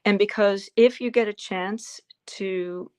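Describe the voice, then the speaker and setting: A woman in her seventies answering interview questions as a guest actress, telling fond stories with pauses and fillers. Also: medium pitch, steady tone. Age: 70s. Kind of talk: interview answers over a livestream.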